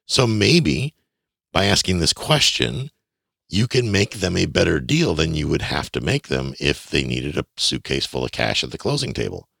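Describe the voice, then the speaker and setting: A man teaching real estate investing in a folksy, animated way, often acting out dialogue. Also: very deep voice, moderate pace, gravelly, dry recording, studio quality. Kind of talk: instructional talk.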